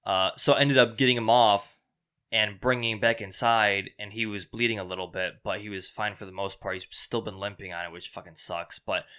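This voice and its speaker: A young man on a podcast telling a story in casual chat, profane and animated, acting out the people he quotes. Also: lowish voice, brisk, clear, resonant tone.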